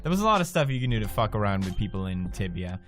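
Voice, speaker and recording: Young man from sweden, casual storytelling, profane, animated, laughs often, faint music behind. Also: lowish voice, fast. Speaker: video blogger.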